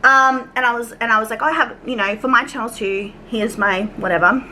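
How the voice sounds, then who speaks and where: A young Australian woman, a YouTube commentary vlogger, tells a storytime rant in a casual, chatty way, swearing, going off on tangents and acting out her conversations. Her voice is fairly high and sharp in tone at a brisk pace, on a low-quality recording with a little hiss or hum.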